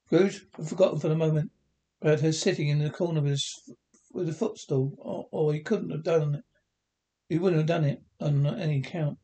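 A man's voice: normal speed, dark tone. A man reading a classic novel aloud, stumbling and restarting often, and lifting his voice for the characters' lines. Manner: unpolished reading with frequent slips and restarts; lifts pitch for the quoted lines of the characters. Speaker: reader.

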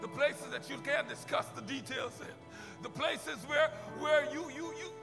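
A male pastor preaching an impassioned sermon that climbs into shouted worship, addressing his congregation in a church sanctuary. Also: very high-pitched, a little slow, creaky, loud music behind the voice. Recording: long reverb of a large hall.

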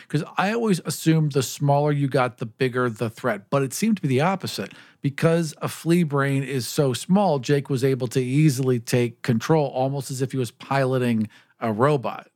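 A man chats casually as a podcast co-host. He has an average-pitched voice and muses aloud, often turning his thoughts into questions. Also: darkish tone. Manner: curious, musing aloud with questions.

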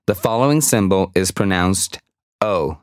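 A man narrating a language course, speaking slowly and carefully so listeners can repeat after him. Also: fairly low pitch, animated, no room sound, studio quality. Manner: slow, carefully enunciated, prompting repetition. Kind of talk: scripted instructional narration.

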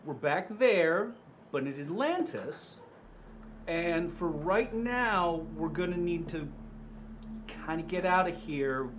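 A man plays in a tabletop game in a fairly high, lively voice. He draws out his words slowly. Faint noise sits behind him. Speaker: player. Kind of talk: tabletop role-play chat.

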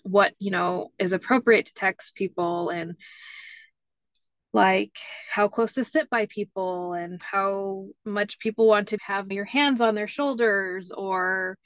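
A woman's voice: medium pitch, takes it slowly, dry recording. Chatty woman guest, dry sound. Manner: chatty, many "like" fillers. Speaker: interview guest. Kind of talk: casual storytelling chat.

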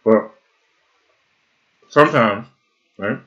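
A man co-hosting a casual podcast chat, animated and swearing, breaking into loud laughs. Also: on the low side, extremely slow, dull audio. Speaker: podcast co-host.

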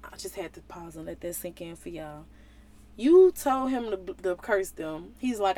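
A woman's voice: medium pitch, fairly quick. A woman giving a casual Bible teaching, talking straight to her viewers. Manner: animated, talks to viewers directly.

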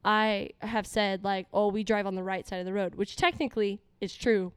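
A woman's voice: medium pitch, steady tone, moderate pace, smooth, no echo. A woman hosting a podcast, chatting casually and rambling along. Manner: rambling, lots of fillers. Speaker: podcast host. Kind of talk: casual chat.

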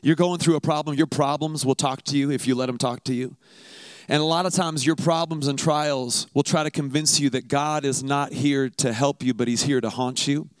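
A man's voice: mid-range voice, fairly even intonation, moderate pace, no echo. A man preaching a sermon in a conversational, emphatic way, often repeating words for effect.

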